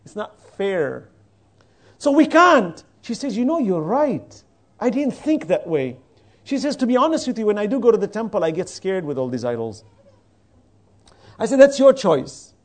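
A male preacher with a high, very lively voice that rises and falls as he tells stories and acts out dialogue. He breaks into rapid chanted Arabic verses between plain explanations. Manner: animated storytelling, quoting dialogue. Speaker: Islamic preacher. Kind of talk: religious lecture with recited verses.

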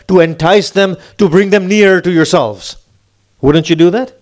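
A man delivering a sermon, posing rhetorical questions with emphatic, rising phrases. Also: sits high. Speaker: preacher.

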